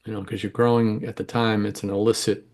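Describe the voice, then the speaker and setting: A man's voice: fairly low pitch, flat delivery, fast, a little mellow. A middle-aged man telling rambling, candid stories in an interview, often correcting himself mid-sentence. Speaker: interview guest, home grower. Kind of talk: casual storytelling interview.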